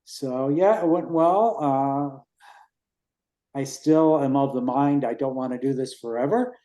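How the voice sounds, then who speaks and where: A man in his sixties giving a rambling, relaxed report on the race he organizes at a town committee meeting. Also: medium pitch, echoey room. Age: 60s. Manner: rambling, relaxed, with fillers and restarts.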